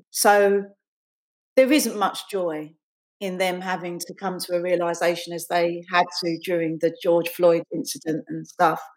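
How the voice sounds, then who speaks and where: A woman's voice: lowish voice, darkish tone. A woman in her forties, an author and guest, speaking earnestly and reflectively in an interview. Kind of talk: interview chat and reading aloud.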